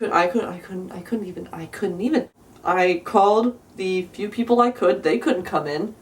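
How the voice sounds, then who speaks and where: A woman's voice: lowish voice, moderate pace. A young woman from South Jersey telling a storytime in an exasperated, profane, sarcastic rant. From South Jersey, USA. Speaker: vlogger. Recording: voice a bit far from the mic.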